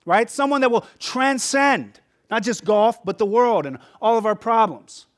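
A man's voice: extremely high pitch, expressive, measured pace. A man preaching a sermon as pastor, conversational and emphatic, often checking in with the listeners.

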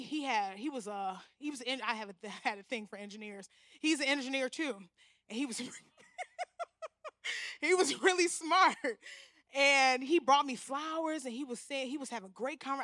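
A woman in her thirties giving an animated, humorous storytelling sermon in a church, speaking straight to the congregation. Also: sits high, dry recording, studio quality. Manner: animated, humorous, talks to the crowd as "y'all".

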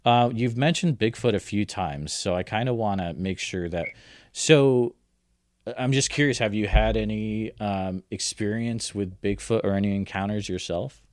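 A man's voice: fairly low pitch, normal speed. A man interviewing a guest on the radio in a loose, friendly way, with lots of fillers and restarts.

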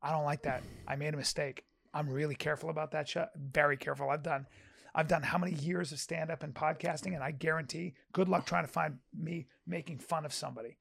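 A man, a stand-up comedian and podcaster, talking in casual chat with rambling, halting restarts and earnest swearing. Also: fairly high pitch, fairly even intonation, creaky, fairly bright tone, no echo, clean studio sound.

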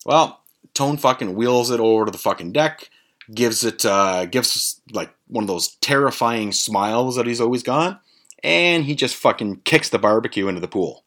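A man's voice: mid-range voice, lively intonation, moderate pace, fairly bright tone. A man hosting a podcast, telling a rambling, profanity-laden story in a casual way, full of ums and uhs. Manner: profane, rambling, many fillers. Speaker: podcast host.

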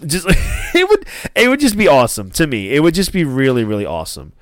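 A man co-hosting a casual chat, animated and enthusiastic, laughing often. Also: medium pitch, fast talker, no room sound, studio quality. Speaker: podcast co-host.

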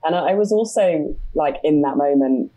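A woman's voice: low-pitched, normal speed, dark tone, soft background music, low-quality recording. A British woman and entrepreneur, a podcast guest talking candidly in casual conversation and laughing often. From Britain. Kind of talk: casual interview chat.

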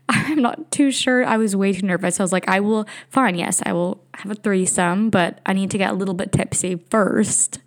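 A young woman talks alone into a home computer mic, telling a personal story in a loose, confessional podcast style. She rambles, fills gaps with "um" and "like," and breaks into laughter often. Her pitch sits in the middle for a woman. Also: brisk. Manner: candid, rambling, laughs often, many fillers. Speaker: podcast host. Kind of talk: casual storytelling monologue. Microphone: home computer recording.

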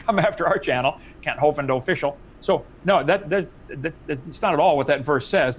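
A man's voice: fairly high pitch, highs cut off. A man in a heated debate, talking emphatically and mockingly, with some faint noise behind.

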